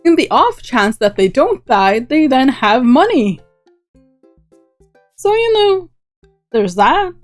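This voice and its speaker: A woman's voice: high-pitched, sing-song, slow, long pauses, faint music behind. A young adult woman on a casual game stream, playful and laughing often as she reads dialogue aloud.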